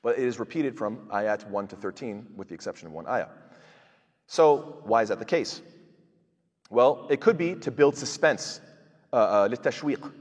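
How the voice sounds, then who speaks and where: A man's voice: mid-range voice, lively intonation, normal speed, breathy edge, in a large hall. A man teaching Quran tafseer, explaining verses with rhetorical questions and frequent fillers. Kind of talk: tafseer lecture.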